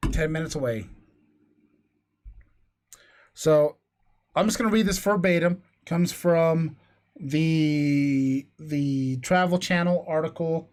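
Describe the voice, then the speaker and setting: A man on a podcast reading a ghost story aloud in a hushed, suspense-building way, stumbling over words now and then. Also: fairly high pitch. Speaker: podcast co-host. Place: near Las Cruces, New Mexico.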